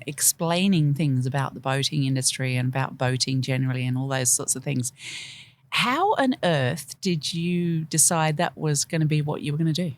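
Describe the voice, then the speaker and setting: A woman hosting a podcast, upbeat and enthusiastic, introducing the show and her guest. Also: deep voice. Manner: upbeat, enthusiastic, laughs easily. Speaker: podcast host.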